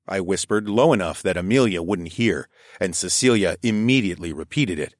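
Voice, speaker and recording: A man narrates a story in the first person with a calm, measured delivery. His voice sits low. The recording is dry and close, with no room sound. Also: no echo. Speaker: narrator and lead character.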